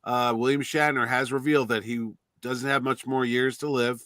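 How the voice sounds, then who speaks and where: A man hosting a casual fan chat show, trading jokes and quick banter. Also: mid-range voice, level tone, a bit bright, dry recording, studio quality. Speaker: podcast host.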